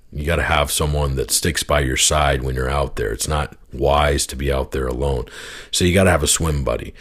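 A man with an extremely deep, husky voice hosts a podcast. He speaks earnestly and from the heart, circling back to his points and addressing the listener directly with encouragement. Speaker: podcast host. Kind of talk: reflective spoken monologue.

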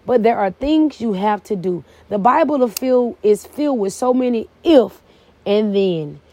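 Woman, middle-aged, podcast host, fervent preaching, mellow dark tone, higher voice. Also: lively intonation, moderate pace, dry recording. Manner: preachy, fervent and casual, with plain church phrasing. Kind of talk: faith-based podcast talk.

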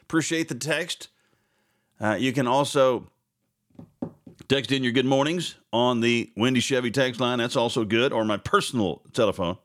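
A man's voice: medium pitch, moderate pace. A man hosting a morning talk radio show, reading news aloud with sarcastic, chatty asides and frequent laughs. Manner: reads news items aloud with running commentary. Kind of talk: casual talk radio commentary.

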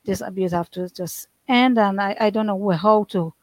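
A woman, a guest sharing her life story, earnestly recounts a difficult past in an emotional personal testimony, rambling, often restarting sentences and using nonstandard grammar. Her voice is medium-pitched at a normal speed. There's no room sound, but the audio quality is poor.

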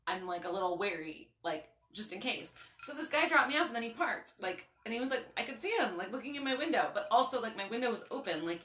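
Young woman, podcast host with a runny nose; bright, lively storyteller, roomy sound. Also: mid-range voice. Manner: animated, swearing storyteller, lots of "like". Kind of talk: casual chat. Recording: echoey room.

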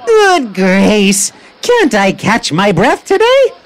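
A woman's voice: mid-range voice, huge pitch swings, slow pace. A woman playing a grumpy goose-owning woman. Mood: indignant. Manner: indignant, complaining. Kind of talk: animated storybook voice acting.

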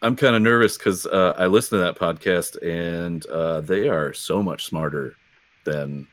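Very deep-voiced man, dry close sound. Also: a little slow, no echo. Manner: relaxed, self-deprecating. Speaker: podcast co-host. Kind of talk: casual podcast chat.

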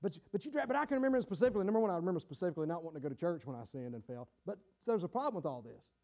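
A man preaching a sermon in a dramatic style, acting out the voices of a guilty sinner and sometimes shouting for emphasis. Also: high-pitched, very animated, very fast.

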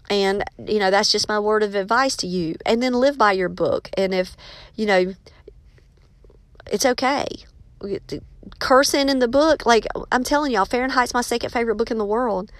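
A woman's voice: medium pitch, no echo. A woman, a teacher and author giving casual, emphatic advice and calling her listeners y'all.

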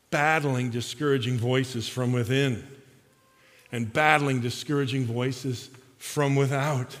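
A man preaching a sermon as pastor, swinging between loud emphatic lines and soft, slow, hushed passages. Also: mid-range voice, in a large hall.

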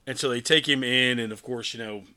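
Male podcast co-host, bright tone, loose animated plot retelling. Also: mid-range voice, a little fast, clear, resonant tone. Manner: rambling, animated retelling with acted-out quotes. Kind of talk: casual chat recapping a film.

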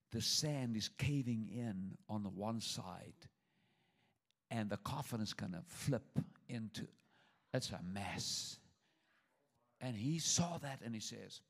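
An older man preaching a sermon to his church, humorous and repetitive, with stammered restarts. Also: lowish voice. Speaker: pastor.

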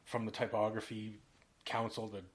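A man's voice: on the low side, monotone, moderate pace. A man co-hosting a podcast in casual chat, a laid-back storyteller who fills his talk with "like". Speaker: podcast co-host, graphic designer.

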